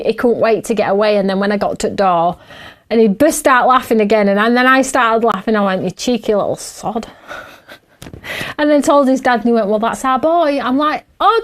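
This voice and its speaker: A middle-aged woman, chatting and laughing as she hosts a craft show while she works. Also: fairly high pitch. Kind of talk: casual chat while crafting.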